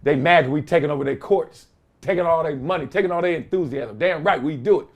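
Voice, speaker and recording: A man in his fifties hosting his own show from a room at home, telling stories in a casual, slangy way that bursts into shouts and laughter. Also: on the high side, fast talker, lo-fi sound. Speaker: show host. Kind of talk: casual storytelling monologue.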